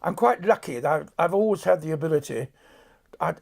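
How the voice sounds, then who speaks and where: Older male guest, gravelly, slightly high-pitched, dry and measured, relaxed studio chat. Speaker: guest narrator. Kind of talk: casual interview chat. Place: recording studio.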